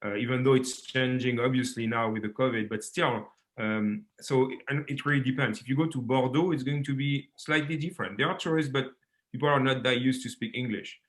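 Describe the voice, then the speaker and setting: Man, measured explanations. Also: mid-range voice, a bit bright. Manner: measured, explanatory, with frequent restarts. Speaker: French professor. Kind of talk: panel discussion remarks.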